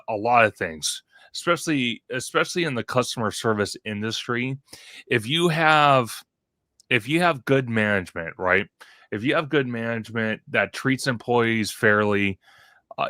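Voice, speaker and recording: A man's voice: mid-range voice, sharp tone, no echo. A man co-hosting a casual live stream, chatty with many fillers, reading viewer comments aloud. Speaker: co-host.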